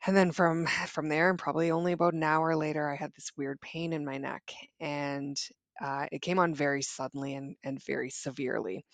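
Halting woman with vocal fry. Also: low voice, dry recording. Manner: halting, frequent restarts and fillers. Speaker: guest telling her story. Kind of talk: personal storytelling.

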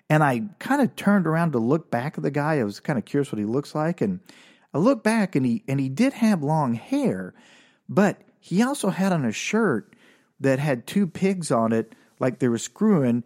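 A man's voice: a little high, very animated, moderate pace, darkish tone. Rambling, self-mocking male comic storyteller. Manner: rambling, self-deprecating, many restarts. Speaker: podcast host. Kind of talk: casual comedic monologue.

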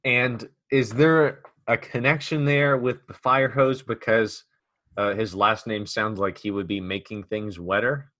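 Male podcast host, low-ish bright voice, dry close sound, rambling jokey delivery. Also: fairly even intonation, measured pace, no echo. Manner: joking, rambling, with restarts. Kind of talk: casual chat.

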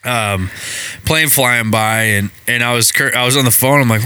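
Man, podcast co-host, casual chat, rambling, swears a lot, sharp bright voice. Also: mid-range voice, moderate pace, a little hiss or hum.

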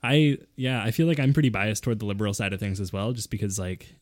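A fast-talking man with a lowish voice chats on a podcast and keeps the words tumbling out. His sound is close and dry, straight into the mic. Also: a little mellow, no echo. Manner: quick and chatty, laughs as he talks. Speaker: podcast co-host. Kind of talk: casual chat.

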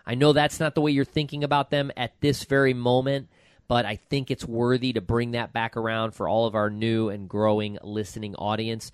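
A man in his forties hosting a podcast in casual chat, an excitable, rambling storyteller. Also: mid-range voice, moderate pace, clean tone, no echo, studio quality. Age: 40s. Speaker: podcast host.

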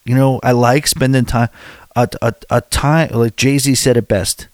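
A man's voice: mid-range voice, a little slow, dry recording, studio quality. A man in his forties, chatting casually and telling rambling, self-deprecating stories with many restarts. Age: 40s. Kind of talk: casual chat.

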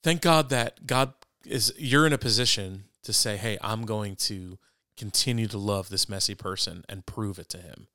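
A man's voice: on the low side, normal speed, pushed and bright, no room sound, clean studio sound. A man in a casual faith conversation, telling a story earnestly and stammering over frequent restarts.

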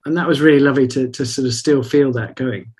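A man's voice: mid-range voice, quick pace, a little mellow. A man in casual conversation, telling rambling, reflective stories. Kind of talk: casual chat.

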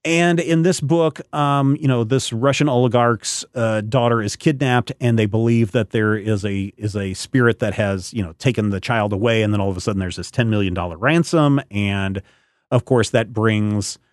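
A man with a fairly low voice hosts a casual podcast chat, rambling along and stopping to hunt for names and details. His voice sits close and dry on the mic, with no room around it. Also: normal speed, dry recording. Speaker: podcast host.

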